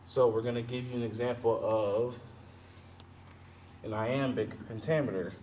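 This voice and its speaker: A man walks through poetry meter in a halting, patient way, correcting himself as he goes. He sounds set back from the microphone, with a faint hiss of background noise. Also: medium pitch, steady tone, a little mellow, far from the mic. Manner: slow, halting explanation with self-corrections. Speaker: teacher.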